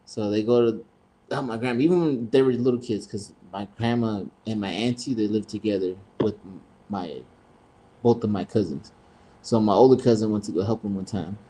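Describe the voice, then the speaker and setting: A man's voice: lowish voice, moderate pace, mellow, rough recording. Swearing laid-back man telling stories. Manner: profane, laughing, swearing freely; acts out quoted people in raised voices. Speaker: podcast host. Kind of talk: casual storytelling.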